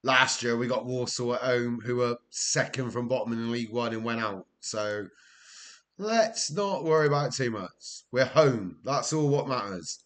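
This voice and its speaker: A man's voice: medium pitch, normal speed, fairly bright tone. A young Welsh man chatting casually on a live stream while playing a football management game, telling stories and laughing often. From Wales. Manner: chatty storyteller, laughs often, answers chat. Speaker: gaming streamer. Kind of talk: casual live-stream chat over gameplay.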